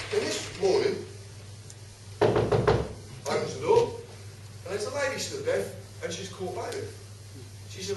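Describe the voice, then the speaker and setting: A man with a fairly high voice tells a story to a live audience at home, swearing freely and animatedly acting out both sides. The far-off camera picks up a very echoey room along with a slight hiss or hum.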